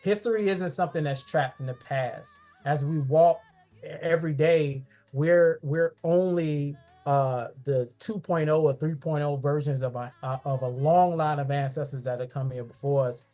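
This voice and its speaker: A man from Columbia, South Carolina, with a fairly high but dark-toned voice speaks at normal speed over a video call. As a guest speaker giving an online history talk, he shows family photos in a fond, personal way, often restarting his sentences.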